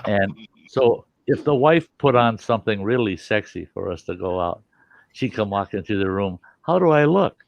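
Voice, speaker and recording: Low, gravelly man, casual storytelling host, cusses freely, dry lo-fi sound. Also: fairly even intonation, moderate pace, dry recording. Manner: salty, swearing, rambling anecdotes.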